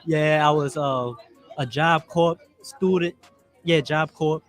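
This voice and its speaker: A man's voice: on the high side, steady tone, takes it slowly, soft background music. A young man in his twenties, a guest at a live podcast, telling his story in long, meandering answers. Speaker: interview guest, actor. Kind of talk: casual interview answers. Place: live at a church health fair.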